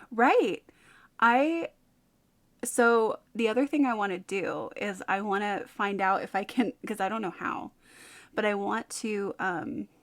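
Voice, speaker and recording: In her thirties and from California, this woman has a medium-pitched voice with vocal fry and a light Californian accent. She chats casually as a streamer, rambling and giggling between filler words.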